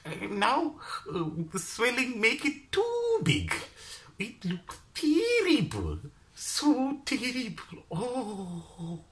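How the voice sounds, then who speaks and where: A woman's voice: huge pitch swings, very slow, full character voice. A man voicing a fussing, motherly woman stall owner who speaks broken English with a Chinese accent. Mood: fretting. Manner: broken English, shrill and dramatic.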